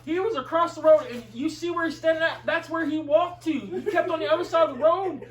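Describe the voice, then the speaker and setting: A man with a high voice tells a heated, profane story in casual chat. He sits some way back from the mic. The room echoes around him. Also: a little fast, distant mic. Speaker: video commentator.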